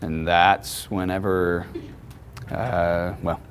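A man's voice: sits low, level tone, drawn-out words, a little hiss or hum. A man teaching a class, lecturing in a conversational way and often checking in with questions.

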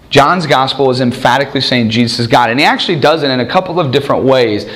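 A man preaching a sermon in an animated way, acting out the people he quotes. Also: medium pitch, quick pace, hardly any pauses. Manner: animated, acts out quoted voices.

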